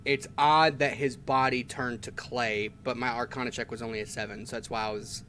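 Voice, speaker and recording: A man playing a tabletop game talks in a casual, halting way, often restarting his sentences. His voice has an ordinary male pitch. Faint background noise sits under the recording. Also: fairly even intonation, pushed and bright. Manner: hesitant, full of restarts and fillers. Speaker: player.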